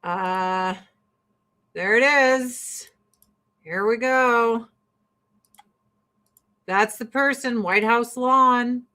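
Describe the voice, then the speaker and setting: A woman hosting a livestream, chatting casually in a blunt, profane, animated ranting way with frequent laughter. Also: a little high, slow. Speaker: livestream host.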